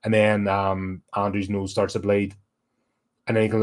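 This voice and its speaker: A man's voice: fairly low pitch, flat delivery, a little slow, long pauses. A man hosting a horror podcast, giving a blunt, sweary and exasperated casual film review.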